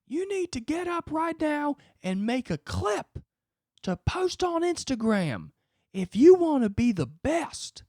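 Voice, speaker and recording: A man putting on a furious football coach who berates a lazy player in a high, shouting voice. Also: very animated, slow, no echo, clean studio sound, exaggerated voice. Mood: yelling, berating. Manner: shouting, berating, drill-sergeant harangue.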